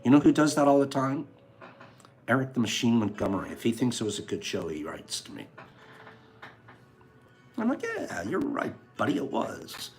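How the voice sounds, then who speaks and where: A man's voice: mid-range voice, very animated, moderate pace, pauses often, darkish tone, faint music behind. A man hosting a casual livestream, chatting playfully and teasing his viewers. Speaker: livestream host.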